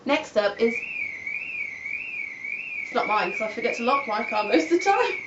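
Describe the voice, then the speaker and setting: Girl joking around, kinda high voice, sounds a bit far and roomy. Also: very animated, normal speed, heavy background noise. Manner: teasing and playful. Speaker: beauty vlogger. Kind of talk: casual chat about makeup favourites. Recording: echoey dull audio, a little off-mic.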